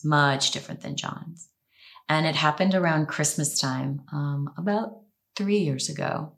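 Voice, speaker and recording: Animated, low-voiced woman telling a personal story. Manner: animated, expressive storyteller with quick laughs. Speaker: guest.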